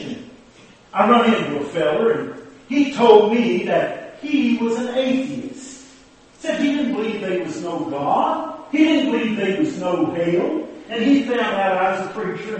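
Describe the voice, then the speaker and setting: A man delivering a comic preaching monologue as a folksy, drawling preacher character. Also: high-pitched. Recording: echoey hall, distant mic.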